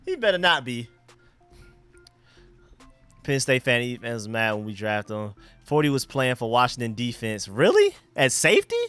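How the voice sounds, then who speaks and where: A man hosting a casual live football stream, chatting excitedly with viewers and reacting to plays. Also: medium pitch, normal speed, long pauses, smooth, soft background music. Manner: excited, chatty, talks to chat and his dogs. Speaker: livestream host.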